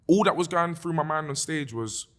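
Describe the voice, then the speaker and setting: A man's voice: fairly high pitch, moderate pace, a bit bright. A young man with a London accent tells a story in a casual podcast chat. He talks animatedly, swears freely and says "bruv" a lot. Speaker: guest musician.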